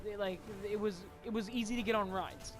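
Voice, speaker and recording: A young man with a notably high voice tells a rambling story in casual chat. He swears freely and leans on "like" constantly. Faint game music plays quietly behind him. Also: fairly even intonation, a little fast. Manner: rambling, swears a lot, many "like" fillers.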